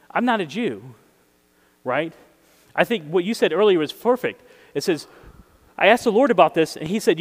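A man preaching a casual sermon, conversational and chuckling, putting questions to his listeners. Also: sits high. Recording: hall with long reverb.

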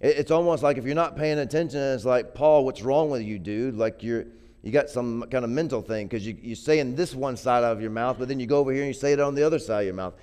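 A man delivering a sermon in a smooth, resonant voice at an ordinary middle pitch. He talks to the congregation casually, stumbling and repeating words, then builds up to forceful, emphatic peaks. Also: fast talker. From grew up poor. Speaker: preacher.

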